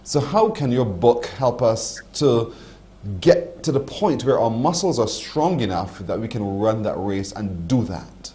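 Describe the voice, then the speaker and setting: A man's voice: medium pitch, lively intonation, a little slow, mellow. A man hosting a morning TV show who sums up his guest's points in a reflective, sermon-like way and asks questions. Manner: reflective, sermon-like summaries, frequent affirmations. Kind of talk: TV interview. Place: TV studio.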